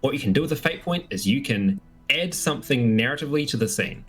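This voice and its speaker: A man's voice: medium pitch, expressive, fast talker, slightly rough, faint music behind. A man running a tabletop game as game master, explaining rules.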